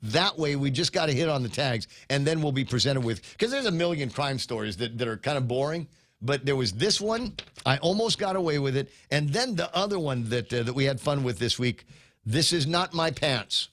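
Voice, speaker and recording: A man's voice: medium pitch, animated, brisk, a bit bright, no echo. Joking male radio host, dry sound. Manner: rambling, joking, conversational. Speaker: radio talk show host. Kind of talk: casual talk radio chat. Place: radio studio.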